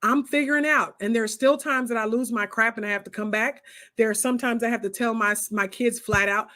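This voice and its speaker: A woman's voice: fairly high pitch, brisk. A woman, hosting a casual homeschooling chat and talking straight to her viewers with lots of asides. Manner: animated, talks straight to viewers with many asides. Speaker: homeschooling host answering viewer comments.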